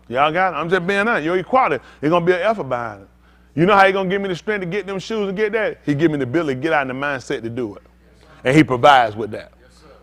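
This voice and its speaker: A fiery man preaching, his voice sitting fairly high. He speaks bluntly and rousingly, trading calls and responses with his congregation. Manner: preaching loudly with call-and-response, earthy and blunt. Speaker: pastor. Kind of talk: sermon.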